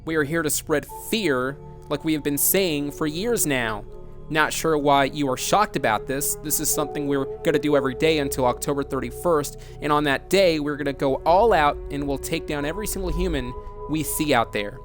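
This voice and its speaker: Killer clown ringleader, scornful and slow, voiced by a male announcer, pitched a touch high. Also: faint music behind, close to an everyday voice. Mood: defiant.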